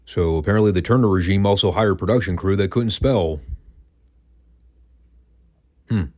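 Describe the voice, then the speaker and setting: A man's voice: low-pitched, normal speed, darkish tone. A man hosting a wrestling podcast, reviewing old matches in a casual, dry and sarcastic way.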